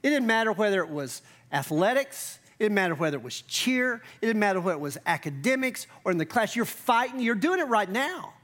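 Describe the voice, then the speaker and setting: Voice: medium pitch, big pitch swings, brisk, hardly any pauses, a bit bright. Pastor giving a sermon, chatty and emphatic, pace jumps around. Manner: conversational, emphatic, acts out quotes.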